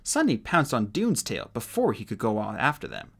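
Animated audiobook narrator. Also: mid-range voice, normal speed, gravelly.

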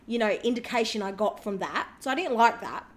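A woman's voice: fairly high pitch, lively intonation, brisk. A woman hosting a reaction video, talking in a sarcastic, indignant way. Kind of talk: reaction commentary.

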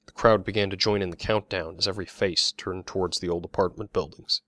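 Deep-voiced guy reading his own book, steady, crisp and bright. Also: no room sound, studio quality. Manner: even, measured storytelling. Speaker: author narrating his own novel. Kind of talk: audiobook narration.

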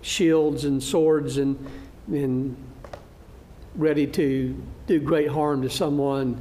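A man teaching a church Bible class, lecturing through a slide show in a halting way, with frequent fillers and restarts. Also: mid-range voice, steady tone, warm tone, a little hiss or hum. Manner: good-humored, laughs at his own slip.

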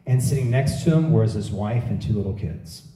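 A middle-aged man preaching a sermon, telling stories and acting out quotes with lively emphasis. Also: on the low side, moderate pace. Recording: echoey room heard from a distance.

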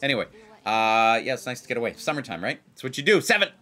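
A man hosting a blackjack video, chatting casually and excitedly as he plays. He repeats himself for emphasis and keeps talking straight to his viewers. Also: medium pitch, fast talker. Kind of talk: casual chat while playing blackjack.

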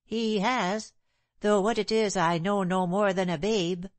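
A woman voicing a humble, timid working-class widow who pleads and apologizes, raised a little above her own lower voice. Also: fairly even intonation, a little slow, dry recording, natural voice. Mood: timid pleading. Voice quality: ungrammatical, pleading speech.

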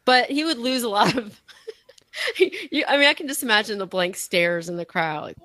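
A woman chatting on a podcast in a lively, animated way, laughing often and acting out what others said. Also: fairly high pitch, normal speed, no echo. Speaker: podcast guest. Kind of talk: casual podcast chat.

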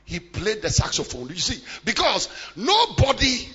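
A middle-aged man preaching a sermon in a large church hall, swinging between shouted declarations and hushed, low-voiced passages. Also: wildly swooping pitch, unhurried. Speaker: pastor. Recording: muffled live church recording with long reverb.

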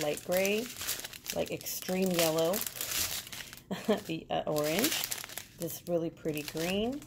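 A woman vlogger with a deep voice and vocal fry rambles casually through a crafting unboxing, using lots of fillers. Loud crinkling packaging noise fills the recording.

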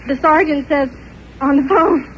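An older woman telling a personal story in an animated way, often laughing between parts of it. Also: high voice, a little slow, dull audio, slight background noise. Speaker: testimony speaker.

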